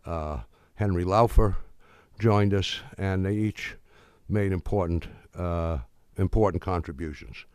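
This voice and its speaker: An older man tells a story to an audience, circling back with restarts and hesitations and briefly taking on the voices of the people in it. His voice sits low. The sound is dry, with no room around it. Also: unhurried, a little mellow, clear, resonant tone, dry recording. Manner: rambling storyteller, frequent restarts and "uh"s, acts out quoted dialogue. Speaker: speaker giving a talk. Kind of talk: anecdotal lecture.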